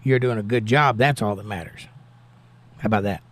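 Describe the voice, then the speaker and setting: A man with a lowish voice, speaking a little fast, reads his stream's chat aloud and chats back casually. His replies carry a prayerful tone as he thanks God.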